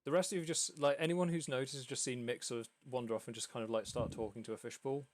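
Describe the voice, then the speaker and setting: A man's voice: mid-range voice, steady tone, fast, dry recording. Rambling male game master. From United Kingdom. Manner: loose, rambling narration with fillers. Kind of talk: narrating a tabletop game.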